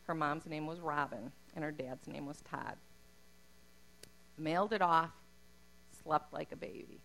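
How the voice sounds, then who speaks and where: A woman's voice: deep voice, gravelly, a bit bright, rough recording. A middle-aged woman telling her personal faith testimony in an earnest, heartfelt way. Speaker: speaker giving a testimony.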